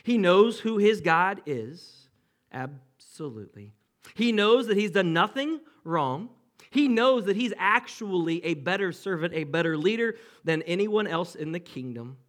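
A man preaching a sermon to his congregation, telling the story with dramatic pauses, jokes and asides. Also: high-pitched, sing-song, fairly bright tone. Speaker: pastor.

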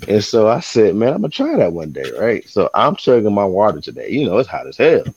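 A man co-hosting a podcast, telling a story in casual chat and acting out the quotes with lively energy. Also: fairly low pitch, a little fast, breathy edge, highs cut off. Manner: animated storyteller, acts out quotes. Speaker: podcast co-host.

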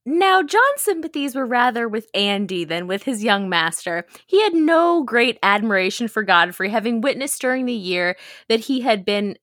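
Woman, podcast narrator, giggly, lively, dry sound. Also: fairly high pitch, moderate pace, no echo. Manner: giggly, breaks off to laugh. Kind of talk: casual reading of a novel aloud.

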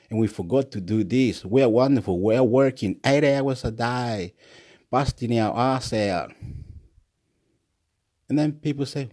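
A man rambling excitedly in a monologue vlog, laughing at himself and jumping between topics. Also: medium pitch, unhurried, long pauses, slightly rough. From Australia. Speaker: vlogger.

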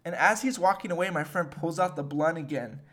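A young man telling a story in casual chat, animated and swearing, with many fillers. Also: fairly high pitch, brisk. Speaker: podcast host.

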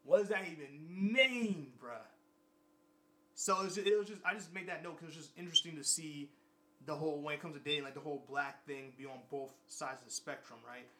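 Young male vlogger with a slightly high voice who rambles, loops on phrases and curses often. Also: steady tone, fast talker, sharp tone. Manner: rambling, repetitive, profane. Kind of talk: casual monologue.

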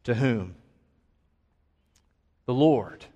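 Slow, earnest preacher in a reverberant hall. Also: male voice, medium pitch, lively intonation, mellow, dull audio. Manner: earnest, with dramatic pauses and rising emphasis. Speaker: pastor. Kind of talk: sermon. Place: church sanctuary.

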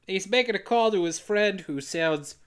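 A man co-hosting a podcast, retelling a movie's plot with profane jokes, frequent laughter and quick impressions of the characters. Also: high-pitched, animated, clean tone. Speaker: podcast co-host. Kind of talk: casual movie recap narration.

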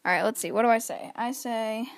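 Pacing around her bedroom, a teenage girl rambles nervously through her solo podcast, restarting often and sounding slightly wheezy. She speaks a bit fast in a slightly high, gravelly voice, with a little hiss or hum in the recording.

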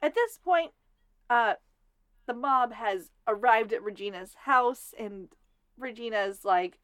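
A woman co-hosting a casual podcast recap, swearing freely and acting out characters in quick asides. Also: fairly high pitch, a bit bright, clean tone, dry recording. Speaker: podcast co-host.

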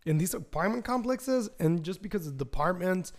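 Male podcast host, casual solo talk, loose and profane, lots of "like" and "you know", voice sitting a bit high. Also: lively intonation, a little fast. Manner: rambling and profane, full of fillers. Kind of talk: casual monologue.

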